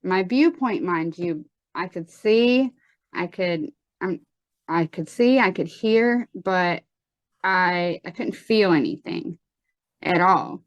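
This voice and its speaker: A woman giving a personal testimony in an interview, earnest and halting, with frequent pauses and restarts. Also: on the low side, dry recording, muffled recording. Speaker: guest telling her life story.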